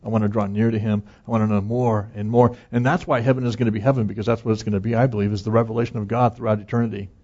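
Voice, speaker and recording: A man's voice: lowish voice, level tone, racing, few pauses, warm tone, lo-fi sound. A man preaching an earnest, conversational sermon as pastor, chuckling now and then.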